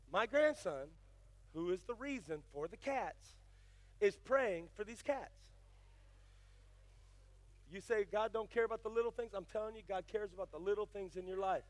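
An older male pastor preaching, moving from folksy storytelling into fiery, shouted exhortation. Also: high-pitched, expressive, moderate pace, long pauses, dry recording. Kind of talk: sermon.

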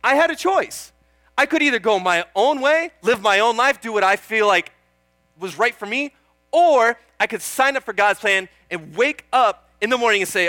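A man's voice: high voice, expressive, moderate pace, pushed and bright, no room sound. A young man preaching a sermon in an earnest, chatty way, often calling out "Amen?" and joking about himself. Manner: self-deprecating, laughs at himself.

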